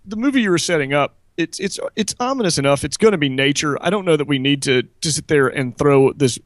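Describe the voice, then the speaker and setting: A man's voice: on the high side, lively intonation, fairly quick, dry recording, clean studio sound. A man co-hosting a casual podcast chat, hesitant and repeating himself. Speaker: podcast co-host.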